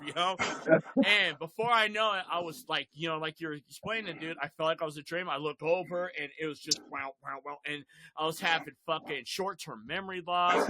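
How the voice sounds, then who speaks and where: High-voiced animated man telling a story. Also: moderate pace, a little hiss or hum. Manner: animated, laughing, swearing storyteller. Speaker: podcast host. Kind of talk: casual storytelling chat.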